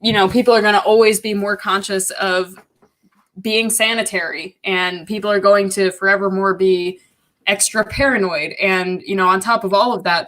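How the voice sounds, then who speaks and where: A woman's voice: medium pitch, fairly bright tone. A woman appearing as a podcast guest, giving her views in a frank, matter-of-fact way. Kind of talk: casual chat.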